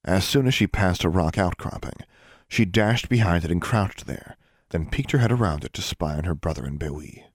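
A man narrating an audiobook in a steady, even storytelling manner. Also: low-pitched, normal speed, no echo, studio quality. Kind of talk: scripted narration.

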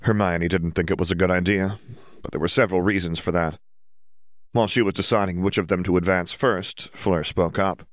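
A man narrating an audiobook in a slow, deliberate reading. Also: deep voice, fairly even intonation, no room sound, clean studio sound.

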